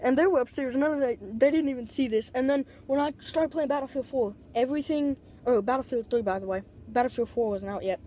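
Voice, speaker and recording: A woman with a slightly high, mellow voice tells a loose, wandering story straight into a tablet. She leans on "like" constantly and swears without a second thought. The sound is close and plain. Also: fast, hardly any pauses, slight background noise. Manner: rambling, constant "like" fillers, swears freely. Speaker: vlogger. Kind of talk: casual storytelling.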